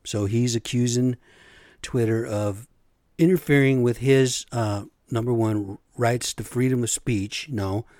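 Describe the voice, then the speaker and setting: In clean studio sound without room noise, a middle-aged man speaks at a measured pace in a medium-pitched, darkish voice with fairly even intonation. He's hosting a solo podcast, ranting bluntly, profanely and with exasperation right at his listeners.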